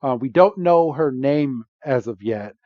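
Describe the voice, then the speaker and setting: A man's voice: mid-range voice, animated, a little slow, dry recording. Podcast guy recapping a movie, laughs a lot, dry dullish mic. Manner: chatty, laughs often, acts out quotes. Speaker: podcast co-host. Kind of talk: casual movie recap chat. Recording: dull lo-fi podcast audio.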